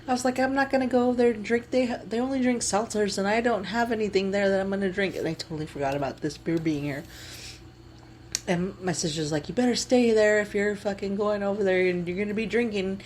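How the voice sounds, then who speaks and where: A woman's voice: mid-range voice, fairly quick, darkish tone, slight background noise. A woman co-hosting a podcast in casual chat with friends, blunt, swearing freely and laughing often. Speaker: podcast co-host.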